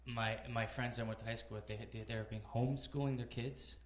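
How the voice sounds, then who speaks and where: A man in his thirties doing a conversational stand-up set in a comedy club, animated storytelling with acted-out characters. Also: medium pitch, brisk, roomy sound. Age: 30s. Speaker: stand-up comic.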